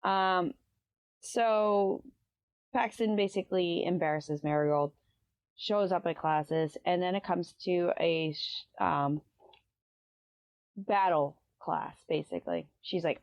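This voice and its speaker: A woman's voice: on the low side, fairly even intonation, slow pace, vocal fry, long pauses, no echo. A woman hosting a casual book review, retelling the plot in a rambling way with lots of "um" and "like.". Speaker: book review podcast host.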